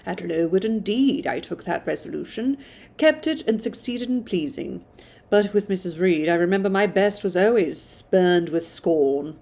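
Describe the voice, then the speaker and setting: A woman's voice: fairly low pitch, lively intonation, moderate pace, dark tone. Woman reading a classic novel aloud. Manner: stumbles and restarts, self-commenting.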